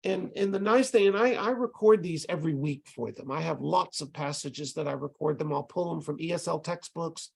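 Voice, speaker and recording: An older man explains a teaching method to volunteer tutors over a video call. His voice sits fairly high for a man, gravelly and a touch husky. He speaks casually, often repeating words as he restarts his sentences. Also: a little fast, few pauses, darkish tone. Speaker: ESL teacher presenting to tutors. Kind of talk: online tutor training talk.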